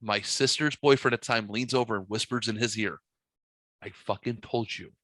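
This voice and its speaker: A man hosting a podcast, telling a story in a boisterous, profane, animated way. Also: on the low side, normal speed, no room sound. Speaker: podcast host. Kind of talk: casual storytelling chat. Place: podcast studio.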